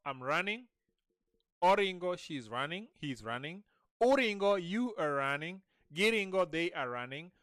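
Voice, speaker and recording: A man's voice: on the high side, animated, normal speed, a bit bright, smooth, no echo, studio quality. A man teaching vocabulary in a casual lesson, patiently repeating each word many times. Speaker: language teacher. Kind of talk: informal language lesson, repeating words slowly.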